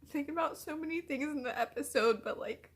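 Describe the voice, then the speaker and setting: A woman's voice: high voice, fast talker. A woman hosting a reaction video, reacting emotionally to a TV episode, swearing freely and talking back to the screen.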